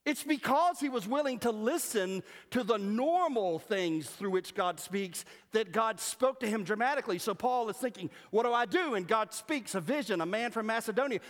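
Animated high-voiced man preaching in echoey hall. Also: moderate pace, hardly any pauses. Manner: animated, humorous, mimics voices. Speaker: pastor. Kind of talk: sermon. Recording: long reverb of a church hall.

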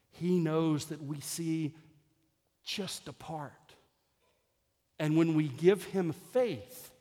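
A man's voice: medium pitch, darkish tone, big-room sound. A male pastor giving a sermon, telling a story in vivid detail and building to an emotional peak.

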